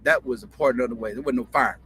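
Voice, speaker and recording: A man's voice: mid-range voice, fast, fairly bright tone, a little hiss or hum. A man hosting a sports talk show, telling a story in a profane, repetitive, heated rant. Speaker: host. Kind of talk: ranting sports commentary.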